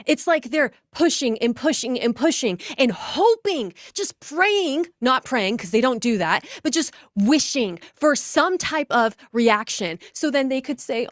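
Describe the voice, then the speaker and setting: Female host, high pitch, mocking emphatic commentary. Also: expressive, unhurried, no room sound, studio quality. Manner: sarcastic, emphatic, mocking asides. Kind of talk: commentary on played clips.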